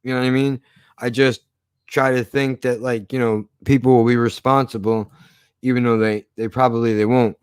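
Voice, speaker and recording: A man's voice: medium pitch, normal speed, clear, resonant tone, no echo. A man casually telling a story from his past, swearing often and acting out the argument. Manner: profane, animated retelling.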